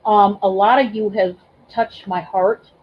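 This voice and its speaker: A woman's voice: mid-range voice, steady tone, measured pace, highs cut off, a little hiss or hum. A woman hosting a casual livestream, emotional and effusive, thanking her viewers by name with many ums and restarts. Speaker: livestream host and reseller.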